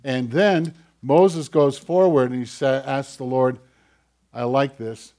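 A man preaching a sermon in an animated way, swinging between loud bursts and quiet asides. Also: medium pitch, slow. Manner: animated, acts out whiny voices, swings loud and soft. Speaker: pastor.

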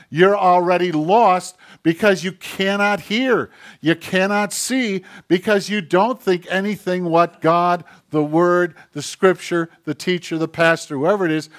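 A man preaching a sermon as a pastor, emphatic and direct, dropping into hushed tones when he voices other people. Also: high-pitched, normal speed, hardly any pauses.

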